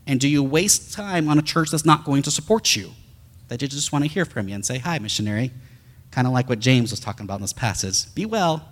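A man's voice: medium pitch, fast talker. A man preaching a sermon, telling a story in a conversational way with frequent restarts.

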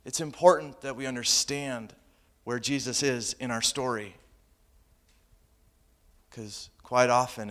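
A male pastor preaching a sermon, humorous and animated, moving between loud punchlines and quiet, earnest asides. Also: mid-range voice. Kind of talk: sermon with personal storytelling.

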